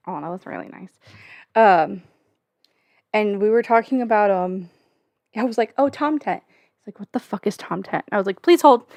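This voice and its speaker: A woman's voice: mid-range voice, moderate pace, long pauses, a little mellow, no room sound. A young woman hosting a casual livestream from home, rambling and joking with plenty of swearing and filler words. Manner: profane, jokey, rambling with many fillers. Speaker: livestream host.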